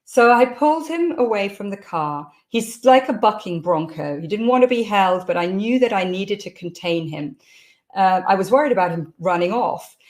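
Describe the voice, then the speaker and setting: Candid storytelling woman. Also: on the low side. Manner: candid storytelling that acts out quoted shouts. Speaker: parenting coach. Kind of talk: personal story told to camera.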